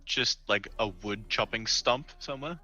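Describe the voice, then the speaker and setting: A man's voice: lowish voice, normal speed, sharp tone, dull audio. A man playing a tabletop game, talking in a jokey, casual way with some swearing. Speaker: player.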